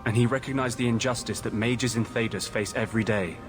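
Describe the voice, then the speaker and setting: A man's voice: mid-range voice, steady tone, fairly quick, over music, lightly acted. An actor voicing a brooding male mage haunted by a vengeful spirit, speaking in a grave, intense, earnest way in video game dialogue. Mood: grim.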